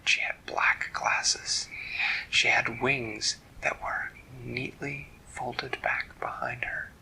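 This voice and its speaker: A man telling an improvised bedtime story in a soft, hushed voice, stopping to explain words. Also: medium pitch, big pitch swings, slow pace, creaky, whispered, poor audio.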